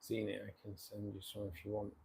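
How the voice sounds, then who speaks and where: Reading viewer comments on his live stream, a British man speaks briskly in a lowish, creaky, dark voice with a breathy edge and a completely flat delivery. He keeps it matey and casual, swearing occasionally and chuckling a lot.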